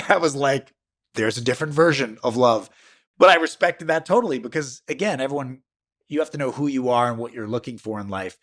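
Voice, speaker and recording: A man's voice: animated, moderate pace, fairly bright tone. Emphatic man in his fifties, storytelling. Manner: emphatic storyteller with sudden pitch jumps. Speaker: podcast host. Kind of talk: reflective motivational monologue.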